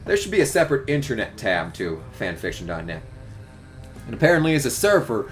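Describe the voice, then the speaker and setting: A man's voice: medium pitch, sing-song, fairly quick, faint music behind. A man reading fanfiction aloud for laughs, with sarcastic, profanity-filled commentary between the lines. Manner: sarcastic, swears a lot.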